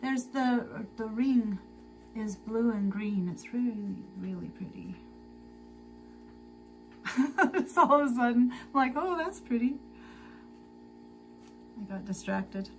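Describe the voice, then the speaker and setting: A tired woman hosting a casual sewing livestream, chatting slowly to viewers and to herself as she works. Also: on the high side, gravelly, a little hiss or hum, low-quality recording. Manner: slow, chatty, talks to herself while working. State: tired and sleepy.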